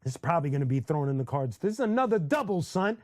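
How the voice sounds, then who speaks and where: Quick and a little high, this man's voice comes through a dry recording as he hosts an easygoing live stream. Chatting and spinning stories with lively energy, he keeps bursting into sung fragments and laughing.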